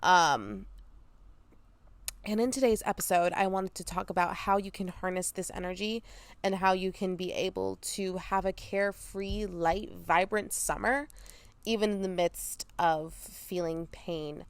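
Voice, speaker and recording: A young woman hosting a casual solo podcast outdoors, chatty and quick to laugh, with frequent ums. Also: fairly low pitch, dry recording. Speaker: podcast host. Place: outdoors near an airport, under trees.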